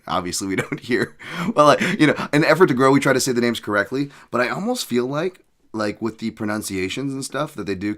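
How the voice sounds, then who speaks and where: A man's voice: on the low side, a bit bright. A man hosting a podcast, rambling casually with jokes and profane asides. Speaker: podcast host.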